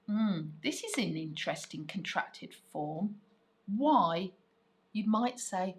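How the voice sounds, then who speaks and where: A woman leads a writing lesson at a slow, unhurried pace, thinking her choices through aloud. She stresses words playfully and encourages her young writers as she models each sentence. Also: on the low side, expressive. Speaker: primary writing teacher.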